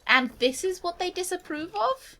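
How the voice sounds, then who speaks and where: A woman's voice: very high-pitched, lively intonation, moderate pace, bright, forceful tone. A British woman streaming a game in casual chat, laughing, swearing and ranting with mock indignation. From Britain. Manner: swears freely, laughs, rants with exaggerated indignation.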